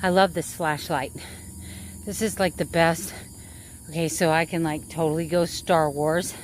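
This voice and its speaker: A woman's voice: sits low, steady tone, unhurried, a little hiss or hum. A middle-aged woman chatting casually to camera as a vlogger, rambling and correcting herself as she goes. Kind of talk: casual chat.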